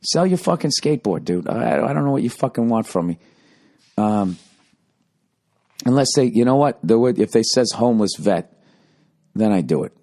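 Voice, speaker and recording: A man's voice: fairly low pitch, animated, normal speed, long pauses, warm tone. A man hosting a podcast, telling a comic story in a rambling, profane, conversational way with constant "you know"s. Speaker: podcast host. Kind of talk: casual comedic storytelling monologue.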